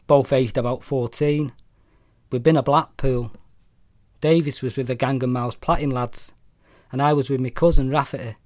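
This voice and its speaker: A man's voice: mid-range voice, no echo, studio quality. Blunt, wry Mancunian man reading. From Manchester, England. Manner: blunt, profane, wry, deadpan. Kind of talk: short story read aloud.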